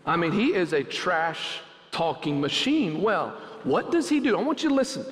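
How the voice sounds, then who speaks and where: High-pitched preacher guy, big echoey church hall, gets loud and punchy on the key lines. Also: sing-song, moderate pace, a little hiss or hum. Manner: preaching with rising emphasis and quoted taunts. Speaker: pastor. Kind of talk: sermon. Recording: long hall reverb.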